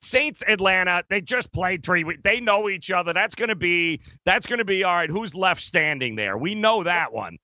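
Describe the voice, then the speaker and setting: Male co-host, lively and bright, emphatic betting chat, dull dry studio sound. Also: high-pitched, moderate pace, hardly any pauses, dry recording. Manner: emphatic, laughs often, addresses co-host by name. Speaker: sports betting show co-host. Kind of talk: casual sports betting talk.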